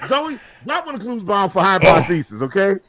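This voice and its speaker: A man's voice: sits high, sing-song, moderate pace, over a noisy crowd. A man co-hosting a comedy podcast, chatting casually and hyping up his co-host. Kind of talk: casual chat.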